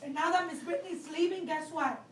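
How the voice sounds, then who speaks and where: A woman's voice: very high voice, steady tone, fairly quick, echoey room, recorded from a distance, noisy background. A woman teacher crying as she talks to her class, pleading and scolding the children in turn. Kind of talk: emotional classroom farewell speech.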